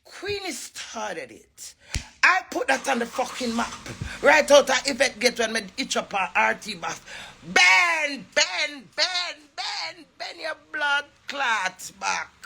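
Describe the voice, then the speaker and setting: A woman with a Jamaican accent ranting at a rival to camera, brash, profane and mocking, breaking into sudden loud cries. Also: medium pitch, gravelly, slight background noise. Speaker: entertainer addressing a rival. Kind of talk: rambling taunting rant to camera.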